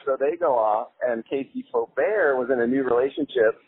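A man telling a story in a casual, animated way, laughing as he goes and swearing freely. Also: mid-range voice, moderate pace, breathy edge, no echo. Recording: tinny phone-like sound with faint music.

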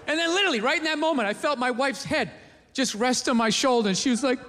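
A male stand-up comedian telling a story in a profane, animated rant. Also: very high-pitched, fast, slight background noise. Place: live comedy venue. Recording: echoey hall with audience.

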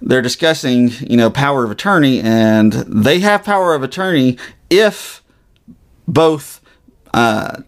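A man's voice: medium pitch, lively intonation, unhurried. A man, co-hosting a podcast and casually recapping a TV episode in a rambling way, with many fillers and restarts. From Southern US. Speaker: podcast co-host.

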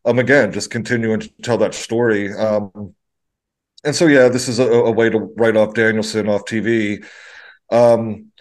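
A man's voice: fairly low pitch, fairly even intonation, normal speed. A man co-hosting a casual wrestling podcast, agreeable and easygoing, chiming in with short assents. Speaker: podcast co-host.

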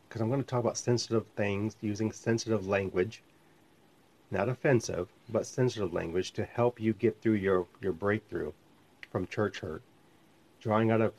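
A man's voice: lowish voice, a little mellow. A man who is a minister and podcast host, teaching in a conversational, rambling way and often correcting himself. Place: home studio called the lab. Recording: slightly muffled lo-fi sound.

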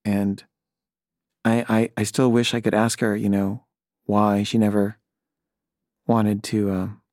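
A man's voice: lowish voice, little pitch movement, slow, darkish tone, no echo, clean studio sound. A middle-aged man, a filmmaker, telling a personal story in a hesitant, wry, rambling way with many fillers and restarts.

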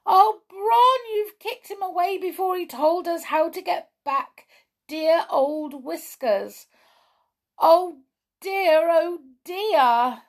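Little worried brownie, woman putting it on, high and squeaky, pleading, storybook. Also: slow. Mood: fretful. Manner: pleading, fretful. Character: small anxious young brownie, sad and gentle.

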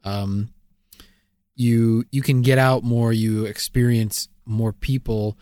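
A man co-hosting a podcast in casual chat, relaxed and explaining things with many fillers. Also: medium pitch, slow, no echo, studio quality. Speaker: podcast co-host.

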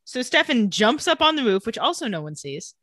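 Bright, sarcastic young woman recapping. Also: on the high side, big pitch swings, a little fast, no echo, clean studio sound. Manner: sarcastic, acts out characters' lines. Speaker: podcast co-host. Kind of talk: casual recap chat.

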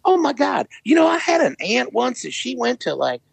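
A man doing an excited Southern American diner talker. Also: very high voice, moderate pace, creaky, slightly rough, no echo, voice pushed up, exaggerated voice. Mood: gushing. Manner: excited, gushing, loud.

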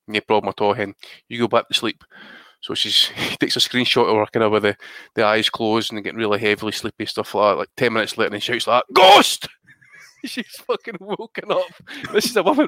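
A man's voice: medium pitch, fairly bright tone, dry recording. A Scottish man co-hosting a podcast, telling long rambling stories in casual chat, swearing constantly as he goes. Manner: profane, rambling storyteller. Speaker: podcast co-host.

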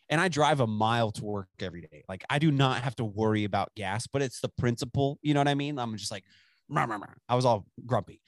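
A man's voice: lowish voice, dry recording, studio quality. A man in his twenties from West Texas, rambling and swearing freely in casual chat, laughing often. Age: 20s.

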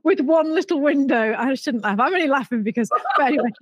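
A middle-aged British woman telling an animated story with lots of laughter, acting out other people's voices. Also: sits high, quick pace. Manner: animated, laughs often, acts out voices in quotes. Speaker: guest storyteller. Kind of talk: casual anecdote telling.

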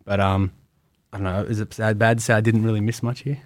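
A man's voice: fairly low pitch, flat delivery, dry recording. A young Australian man, a wrestler, telling stories in a casual podcast interview and acting out what others said. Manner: quick storytelling, acts out voices of others. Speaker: guest wrestler.

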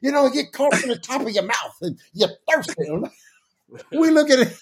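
A man co-hosting a casual chat, telling funny stories with lots of laughter and big leaps in pitch when quoting others. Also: big pitch swings, normal speed, slight background noise. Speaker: podcast co-host.

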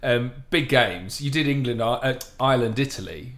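A man's voice: medium pitch, normal speed, a bit bright. A young man hosting a casual interview, chatty and loose with lots of fillers. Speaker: podcast host. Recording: roomy, faint ambience.

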